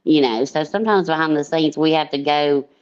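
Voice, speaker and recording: A woman's voice: deep voice, a little fast, a little mellow, clear, resonant tone, dull audio. A middle-aged woman chatting casually as a livestream panel guest, rambling and blunt, swearing freely and full of fillers. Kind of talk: casual chat.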